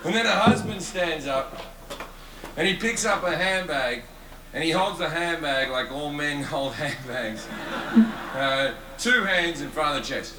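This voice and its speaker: A male stand-up comedian telling a crude anecdote on stage in front of a live audience. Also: fairly high pitch. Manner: crude, swearing anecdotal delivery. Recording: echoey live venue with audience noise.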